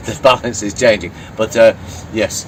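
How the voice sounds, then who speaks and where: A man's voice: on the low side, fairly even intonation, normal speed. A man from Blackpool with a Lancashire accent, chatting as an interview guest, rambling and swearing freely. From Blackpool, England. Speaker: interview guest, yacht crew. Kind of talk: casual chat. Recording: distant mic with urban background noise.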